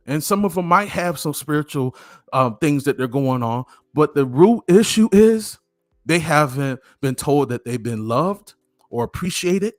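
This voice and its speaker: A man's voice: a little high, no echo, clean studio sound. A middle-aged man giving an earnest motivational talk to camera, repeating phrases for emphasis, with faint music behind him. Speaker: motivational speaker.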